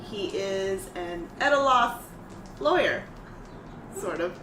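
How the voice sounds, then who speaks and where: A woman's voice: mid-range voice, animated, slow, fairly bright tone, distant mic, slight background noise. A woman playing a pack leader in a tabletop role-playing game, earnest and a little flustered. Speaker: player character, pack leader. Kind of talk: tabletop role-play chat. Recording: roomy room sound.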